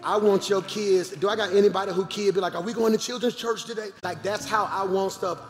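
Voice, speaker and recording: Male pastor, high-voiced and animated, live church reverb with faint music; calls out to the crowd. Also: a little fast. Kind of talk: church announcements from the pulpit. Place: large church auditorium.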